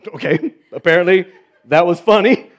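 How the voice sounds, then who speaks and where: A man delivers a sermon in a high-pitched voice, mixing scripture with wry, sarcastic asides. He swings between loud emphasis and hushed, chuckling remarks. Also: normal speed. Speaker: pastor.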